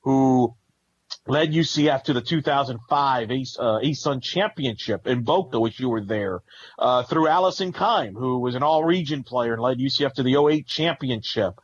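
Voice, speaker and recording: A man with a mid-range voice co-hosts a sports podcast, speaking at normal speed. In this casual sports talk he rambles analytically through team records and stats. The recording is muffled.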